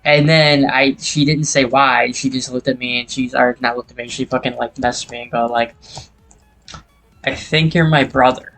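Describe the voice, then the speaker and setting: A man's voice: mid-range voice, moderate pace, hardly any pauses. Late-20s male gamer, casual profane storyteller, faint music under. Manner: rambling, profane, animated when retelling. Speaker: gaming YouTuber. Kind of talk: casual storytelling over gameplay.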